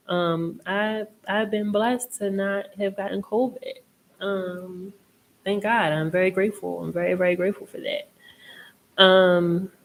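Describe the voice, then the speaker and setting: A woman's voice: mid-range voice, slight background noise. A woman hosting a live tarot chat, talking casually in a rambling way, laughing often and swearing freely. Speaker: host and tarot reader.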